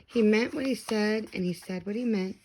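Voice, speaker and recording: A woman's voice: mid-range voice, normal speed, darkish tone, a little hiss or hum. A woman reading a storybook aloud like a parent at bedtime, telling it expressively and dramatically.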